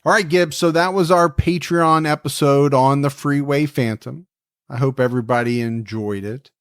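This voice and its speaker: A man's voice: medium pitch, steady tone, normal speed, clear, resonant tone. Man co-hosting a casual podcast. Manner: reflective, conversational, frequent restarts. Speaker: podcast co-host.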